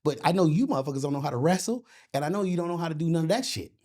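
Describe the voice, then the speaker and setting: A middle-aged man, a boxing and MMA coach, telling stories in a casual interview, profane and animated, often asking "you know what I'm saying". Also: fairly high pitch, rapid-fire.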